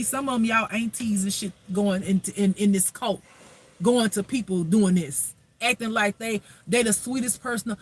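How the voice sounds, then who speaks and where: High-voiced, preachy spiritual teacher man. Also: moderate pace, a little hiss or hum. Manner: preachy, emphatic, fires rhetorical questions. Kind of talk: spiritual reading monologue.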